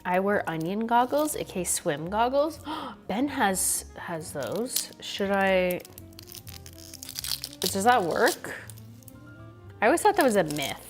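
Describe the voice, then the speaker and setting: Lady chatting on a cooking stream, laid-back slow talk, giggles and swears a bit. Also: mid-range voice, very animated, faint music behind. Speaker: livestream host. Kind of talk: casual livestream chat while cooking.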